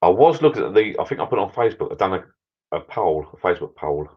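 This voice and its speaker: A man's voice: sits low, sing-song, quick pace, slightly rough, lo-fi sound. A British man hosting a casual live chat with viewers, rambling chattily while drinking beer. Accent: British English. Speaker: livestream host chatting with viewers.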